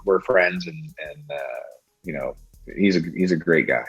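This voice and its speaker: A man's voice: low voice, normal speed, fairly bright tone, breathy edge, lo-fi sound, soft background music. Friendly rambling middle-aged man. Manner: friendly, rambling with many fillers and restarts. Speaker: TV technical advisor, interview guest. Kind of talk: casual interview chat.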